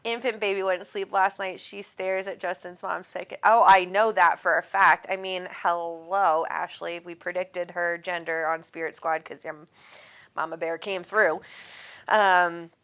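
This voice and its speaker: A woman's voice: lowish voice, steady tone, unhurried, a bit bright, clear, resonant tone. Chatty Minnesotan woman livestream host. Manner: chatty and affectionate, many ums, greets viewers by name. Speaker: spiritual medium and livestream host. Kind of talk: casual livestream chat reading viewer comments.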